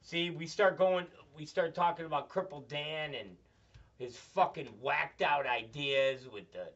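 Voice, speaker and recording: A man's voice: fairly high pitch, a little slow, a bit bright. A man hosting a show, telling crude, profane, rambling comedic stories. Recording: dull, slightly distant mic.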